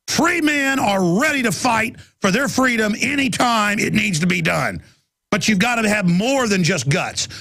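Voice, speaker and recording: A man hosting a talk radio show, ranting forcefully in a heated monologue and acting out encounters with other people. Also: high voice, vocal fry, dry recording. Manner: ranting, forceful, acts out encounters in put-on voices.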